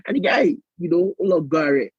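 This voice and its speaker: A man with a Nigerian-American accent, hosting a casual podcast chat and telling animated stories full of slang and laughter. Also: fairly high pitch, normal speed, husky, no room sound, muffled recording. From United States. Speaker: podcast host.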